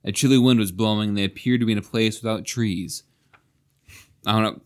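A man's voice: on the low side, steady tone, quick pace, darkish tone. Man reading a passage aloud. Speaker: podcast co-host. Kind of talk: casual chat and reading aloud.

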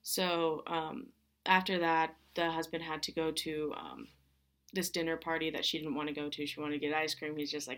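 A woman's voice: low voice, normal speed, a bit bright. A young woman hosting a podcast, casually recapping a film in a rambling way, full of fillers and restarts. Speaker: podcast host.

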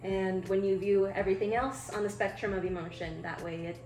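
Thoughtful woman guest, slow and measured. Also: mid-range voice, steady tone, darkish tone. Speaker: podcast guest, singer and poet. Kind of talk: reflective interview talk. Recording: echoey room, faint music.

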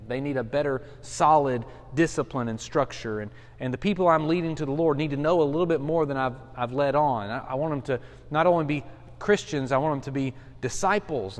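A man in his forties, a pastor, teaching a Bible study in a casual, earnest way with frequent restarts and fillers. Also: fairly high pitch. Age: 40s. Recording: long hall reverb.

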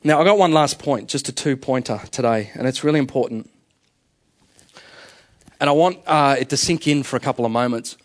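A pastor preaches a sermon in church in a conversational way, putting questions to the congregation. His medium-pitched voice is brisk, with frequent pauses.

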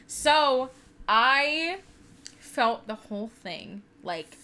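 A woman's voice: sits high, animated, very slow, sharp tone. A woman in her twenties telling a personal story in casual chat, candid and profane with lots of "like". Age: 20s. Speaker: podcast co-host.

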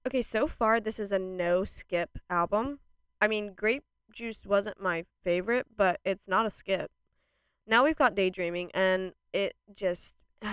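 A young woman vlogging a casual reaction to a new album, gushing and laughing, jumping between excited outbursts and quieter asides. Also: medium pitch, unhurried, clear, resonant tone, no room sound, clean studio sound.

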